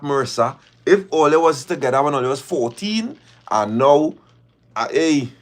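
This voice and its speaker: Emphatic man ranting on stream. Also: a little high. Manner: emphatic, repeats phrases and fires rhetorical questions. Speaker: live-stream host. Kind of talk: casual live-stream talk.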